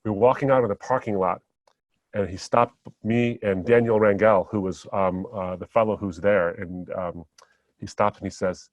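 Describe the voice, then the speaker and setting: A man speaking as a guest on a podcast, reflecting on memories and telling stories in a relaxed, anecdotal way. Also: fairly low pitch, normal speed, dry recording. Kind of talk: podcast conversation.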